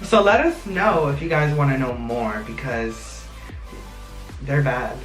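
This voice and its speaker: A young man in a casual storytime vlog, animated and acting out quotes. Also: medium pitch, unhurried, over music. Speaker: vlog co-host. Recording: roomy sound from a distance.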